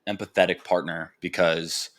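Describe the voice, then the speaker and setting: A man's voice: sits low, level tone, normal speed, a bit bright. A young man hosting a podcast, talking frankly and profanely in a rambling way, full of filler words. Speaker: podcast host. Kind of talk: candid personal podcast monologue.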